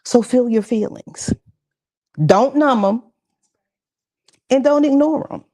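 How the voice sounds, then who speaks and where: A woman's voice: high-pitched, slow pace, warm tone. A woman giving a conversational, encouraging mental health talk at a church session, with casual asides to the audience. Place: church gathering with audience responses.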